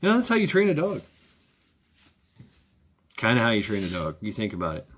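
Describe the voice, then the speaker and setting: A man's voice: lowish voice, huge pitch swings, a little fast, fairly bright tone. A man talking in a casual, rambling monologue, sardonic and profane, chuckling often. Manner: wry. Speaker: vlogger.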